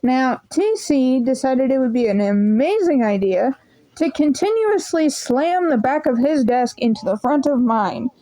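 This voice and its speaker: A woman's voice: high voice, a little slow, low-quality recording. A young woman rambling through a casual storytime vlog, swearing freely as she tells it. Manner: swearing, rambling, animated retelling. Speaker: vlogger.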